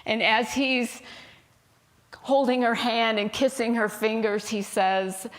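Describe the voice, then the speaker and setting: Woman minister softly telling a story. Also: a little high, fairly even intonation, slow pace, slight background noise. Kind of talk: sermon storytelling.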